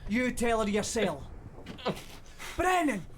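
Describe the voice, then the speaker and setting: An actor playing a gruff first mate on a ship, urgently calling out while tending a wounded sailor in a game. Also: male voice, sits high, sing-song, slow, a little hiss or hum, heavily acted. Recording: game audio with loud ambience.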